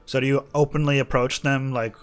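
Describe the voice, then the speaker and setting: A man's voice: mid-range voice, flat delivery, fairly quick, faint music behind. A man running a solo tabletop game as game master, loose and joking with frequent laughs.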